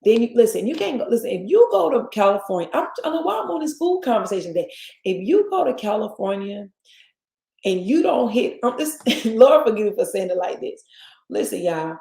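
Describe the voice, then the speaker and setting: Chatty and very animated, this Southern-accented woman hosts a laid-back talk show, wandering into rambling asides and calling her audience "y'all." Her mid-range voice has a dark quality and some vocal fry, and her pace runs a little quick. The recording was made in an echoey room.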